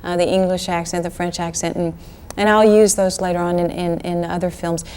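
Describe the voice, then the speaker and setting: A woman's voice: on the low side, little pitch movement, a little fast, darkish tone, slight background noise. A woman, talking casually and animatedly as an actress guest in an archival 1980s TV interview, with many restarts. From Georgia, US.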